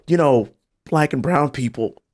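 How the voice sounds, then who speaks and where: A congressman speaking as a podcast guest, earnest and emphatic, telling stories from his own family. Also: measured pace. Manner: lively, swings between low serious tones and high exclaiming. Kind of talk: casual podcast conversation.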